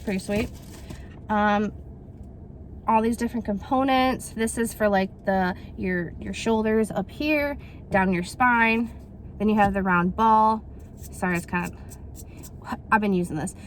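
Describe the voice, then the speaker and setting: A woman in her thirties, a vlogger reviewing a product, chats casually as she unboxes it, rambling with fillers and acting out little quotes. Her mid-range voice is unhurried with long pauses, and there's slight background noise.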